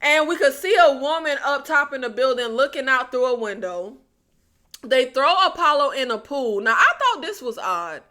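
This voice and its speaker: Speaking at normal speed, a woman whose voice sits high, expressive, pushed and bright recaps a TV episode. She vlogs in a casual, exasperated way, calling her audience "y'all" and peppering them with sarcastic rhetorical questions.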